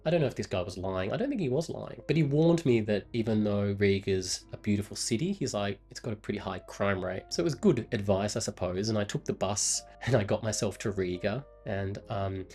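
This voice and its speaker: A man's voice: on the low side, animated, brisk, hardly any pauses, a little mellow, faint music behind. A man in his twenties from Australia, with an Australian accent, telling a travel story in a rambling, casual way full of fillers and self-corrections. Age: 20s. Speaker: vlogger.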